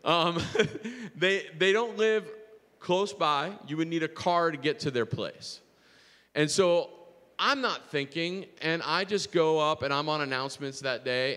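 A man's voice: mid-range voice, fairly bright tone, long reverb tail. A man preaching a sermon as pastor, telling a personal story earnestly with frequent restarts.

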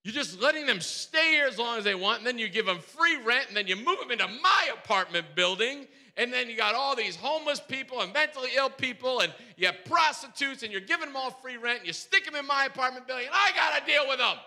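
A man voicing an irate middle-aged tenant who yells rapid complaints and demands. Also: sits high, lively intonation, full character voice. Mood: yelling. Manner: yelling, hectoring, rapid complaints.

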